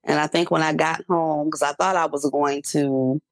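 Low-voiced chatty woman co-host. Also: fairly even intonation, moderate pace, vocal fry, no echo. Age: middle-aged. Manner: chatty, storytelling with laughs and fillers. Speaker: podcast co-host. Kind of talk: casual chat.

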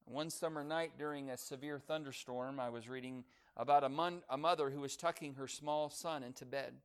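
A man preaching a sermon, building to loud emphatic declarations and dropping soft on key phrases. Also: a little high, normal speed, hardly any pauses, clear, resonant tone.

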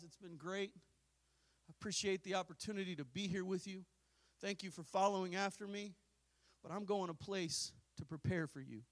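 A man preaching a fiery Pentecostal sermon as pastor, swinging from hushed asides to drawn-out shouts. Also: high-pitched.

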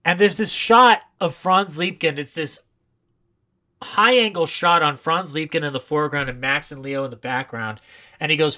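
A podcast co-host in a casual film analysis chat, animated and laughing often. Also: medium pitch, moderate pace.

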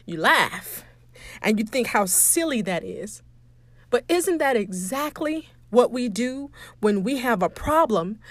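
A woman speaks as a motivational podcast host. She tells stories, acts out the dialogue in them, and laughs easily. Her voice sits at an ordinary pitch and is recorded dry and close. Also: dry recording. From Atlanta, Georgia.

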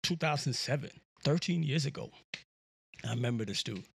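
A man's voice: mid-range voice, lively intonation, normal speed, creaky, breathy edge. A man hosting a podcast, telling a story in a casual, slangy way and often repeating words as he talks. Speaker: podcast host.

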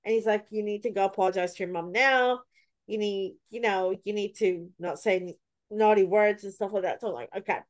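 A woman hosting a casual podcast chat, telling stories and acting out her own reactions. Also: brisk. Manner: animated, acts out her own past reactions with sudden high cries. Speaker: podcast host.

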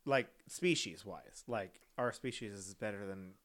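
A man's voice: on the low side, a little slow, fairly bright tone. A man co-hosting a casual podcast, chatty and rambling, reacting and going off on tangents. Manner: chatty, rambling, laughs often. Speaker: podcast co-host. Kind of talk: casual chat.

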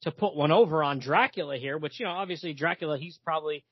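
Chatty man with a slightly high husky voice. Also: fast talker, dull audio. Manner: chatty retelling full of fillers, reads lines aloud. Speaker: comics podcast co-host. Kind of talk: casual chat.

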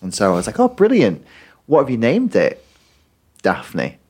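A man's voice: mid-range voice, huge pitch swings, brisk, a little mellow, husky. A man, co-hosting a casual podcast, telling a dry story and acting out a child's replies. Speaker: podcast co-host, primary school teacher. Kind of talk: casual chat.

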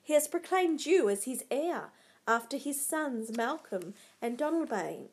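A woman's voice: high voice, sing-song, measured pace, darkish tone, husky, exaggerated voice. A woman voicing a male royal herald who announces news in a formal, ceremonious way. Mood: proclaiming.

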